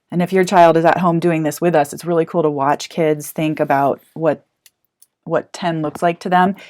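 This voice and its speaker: A woman teacher explaining a hands-on math activity to parents, chatty and encouraging as she thinks aloud. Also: low-pitched.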